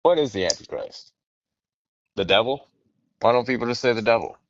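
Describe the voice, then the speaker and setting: A man's voice: mid-range voice, moderate pace, highs cut off, slight background noise. A man co-hosting a comedy podcast in a casual, crude, joking chat. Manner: crude, joking, lively impressions. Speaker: podcast co-host.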